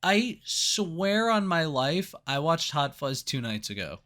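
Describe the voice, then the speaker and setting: Young male podcast co-host, bright tense voice, loose swearing chatter. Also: fairly high pitch, slow. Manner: animated, swears freely, acts out movie lines. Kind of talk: casual movie review chat.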